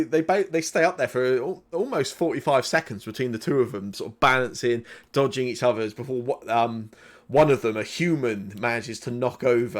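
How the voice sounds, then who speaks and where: Rambling male game master. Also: medium pitch. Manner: rambling, filler-heavy narration with frequent restarts. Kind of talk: narrating a tabletop game.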